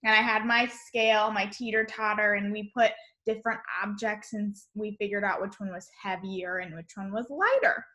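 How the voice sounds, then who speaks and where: A woman teacher giving a cheerful online lesson to young children, spelling words out slowly in a sing-song voice over a computer mic. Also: medium pitch, steady tone, pushed and bright. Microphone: computer mic on a video call.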